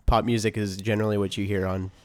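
Man, podcast co-host, low voice, laid-back, casual chat, quiet asides. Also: level tone, quick pace.

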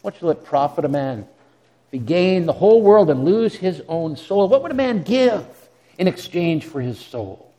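High-voiced male preacher in a reverberant hall. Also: big pitch swings, normal speed, dark tone. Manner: earnest, repeats words when restarting, dramatic quoted asides. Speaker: pastor. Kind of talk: sermon.

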